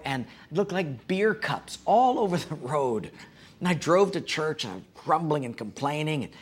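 A man's voice: mid-range voice, breathy edge. A middle-aged male pastor preaching a sermon, telling a personal story with folksy, self-deprecating humor.

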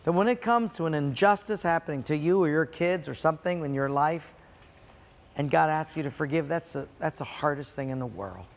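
A man preaching a sermon to a congregation, dramatic, swinging between loud emphasis and quiet, drawn-out words. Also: fairly high pitch, animated. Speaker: pastor. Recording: long hall reverb.

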